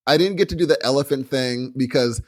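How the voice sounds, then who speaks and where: A man's voice: mid-range voice, brisk, dry recording, studio quality. A man co-hosting a podcast in casual chat, telling stories and acting out his own thoughts in quoted asides. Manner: animated storytelling, acts out quoted thoughts. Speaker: podcast co-host. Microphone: remote call recording.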